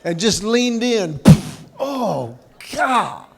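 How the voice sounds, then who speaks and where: High-pitched male speaker, comic storyteller at a banquet podium. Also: very animated, very slow, creaky, fairly bright tone. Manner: storytelling with acted quotes. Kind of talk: humorous motivational speech. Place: banquet hall, indoors.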